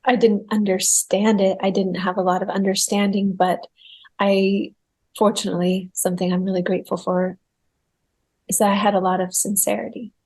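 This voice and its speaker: A woman with a mid-range voice tells a personal spiritual story in a podcast interview. She sounds earnest and reflective. When she recalls her fear she rises into animated bursts. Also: mid-range voice, normal speed, breathy edge. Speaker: guest medium.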